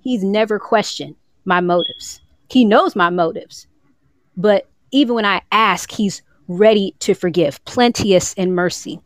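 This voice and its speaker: A woman's voice: medium pitch, unhurried, no echo. A woman co-hosting a faith podcast, talking earnestly about forgiveness and quoting scripture in its old wording. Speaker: podcast co-host. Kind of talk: casual faith talk, teaching on forgiveness. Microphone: remote call, moving around.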